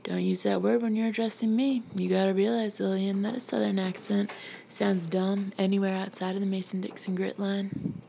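A woman voicing a gruff, domineering middle-aged Marine officer father who barks questions at his children. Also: mid-range voice, level tone, moderate pace, warm tone, lo-fi sound, a little hiss or hum, close to an everyday voice. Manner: blustering, barking questions.

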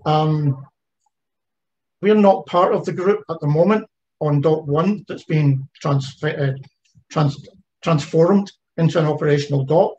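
A man's voice: fairly high pitch, a little slow, mellow, muffled recording, a little hiss or hum. A man giving an online presentation about a heritage ship project, talking conversationally with frequent fillers and restarts. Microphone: video call.

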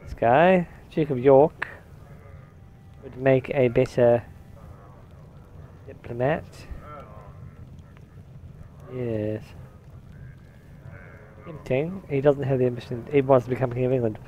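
Speaking slowly and pausing often, a male let's-player offers laid-back gameplay commentary, half-distracted and thinking aloud. He occasionally slips into a mock posh old-English voice. His mid-range voice comes through with phone-quality sound and slight background noise.

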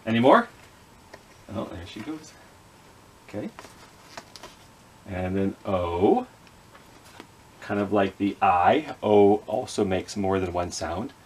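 A man's voice: fairly low pitch, big pitch swings, slow pace, pauses often, slight background noise. A man leading a children's reading skit with puppets, patiently sounding out letters and words. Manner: gently apologetic with the puppets. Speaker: children's librarian.

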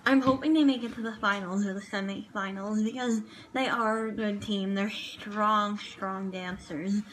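A woman with a medium-pitched, fairly bright voice speaks at a moderate pace in a steady tone. In a vlog reviewing a TV dance show, she chats casually, gushing and rambling with lots of fillers. The recording is low quality, with a little hiss or hum.

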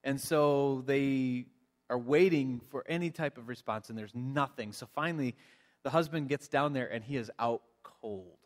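A man's voice: medium pitch, normal speed. A man preaching a sermon as pastor, telling a story in a conversational way with frequent restarts. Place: church sanctuary.

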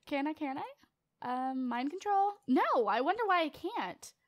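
In a loose, chatty style, a late-teen girl with a bright, high voice plays through a game, joking with viewers and keeping up a playful running commentary. She speaks a little slowly with big pitch swings, in studio-quality audio with no room sound.

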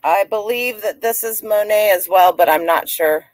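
A woman's voice: mid-range voice, normal speed, dry recording, soft background music. Chatty woman reseller, dry close sound. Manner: chatty, rambling, talks to people and dog nearby. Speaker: reseller vlogger. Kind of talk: casual chat.

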